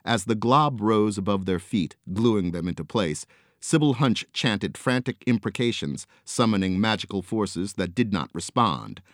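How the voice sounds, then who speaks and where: A man narrating a whimsical children's fantasy story with expressive, varied delivery. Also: on the low side, measured pace, dry recording, clean studio sound. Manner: expressive, with lots of swing in delivery.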